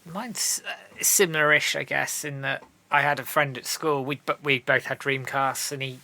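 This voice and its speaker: A man's voice: medium pitch, steady tone, moderate pace, vocal fry, sharp tone. A man, a podcast guest, telling a story in a casual chat and acting out his own past reactions.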